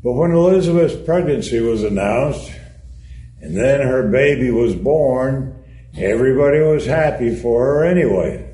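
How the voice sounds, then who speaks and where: Slow, dark-voiced man reading a sermon. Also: medium pitch. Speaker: reader of a sermon. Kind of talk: read-aloud sermon. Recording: echoey room.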